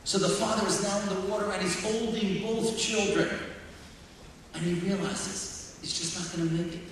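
A man giving a sermon as a guest speaker, talking emphatically and building up to shouts. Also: high voice, fairly even intonation, moderate pace, a little hiss or hum. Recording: distant echoey hall.

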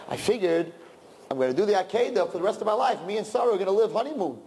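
A man, a rabbi, giving an animated sermon to young people, sprinkling in Yiddish and Hebrew terms and swinging between loud and hushed. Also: high voice, fast, breathy edge, big-room sound.

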